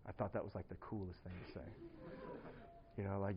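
Animated man telling a sermon story. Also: fairly low pitch, fast talker, muffled recording. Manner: animated storytelling, lots of fillers and laughter.

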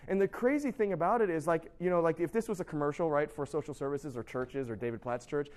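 Recorded live, a man gives an informal sermon and even speaks to a sound tech. His fast, high-side voice is a little mellow as he tells a story full of fillers and restarts, acting out the people he quotes.

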